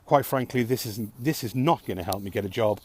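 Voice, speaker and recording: A man's voice: mid-range voice, a little fast, a little mellow, slightly rough. A man talking alone to camera in a frustrated, sarcastic rant, swearing often. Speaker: vlogger. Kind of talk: ranting vlog monologue.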